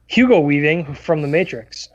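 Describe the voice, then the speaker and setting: A man's voice: a little high, animated, normal speed, no echo. Man, co-host, casual movie chat, trivia tidbits, dry muffled recording. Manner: trivia-sharing, rambling with fillers. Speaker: podcast co-host.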